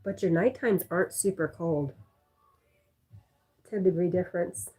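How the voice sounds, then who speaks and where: A woman with a soft, breathy, slightly low voice chats easily on a livestream. She reads out viewers' comments and answers them in a relaxed, friendly way, close to the mic. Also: a little slow. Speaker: livestream host reading chat. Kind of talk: casual chat.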